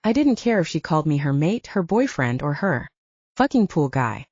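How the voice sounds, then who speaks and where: A woman narrates a romance audiobook in a low, warm voice. Her reading is steady but animated in pitch. The recording is dry and somewhat dull. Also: normal speed, slightly rough, no room sound. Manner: first-person, steady reading. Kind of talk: scripted narration.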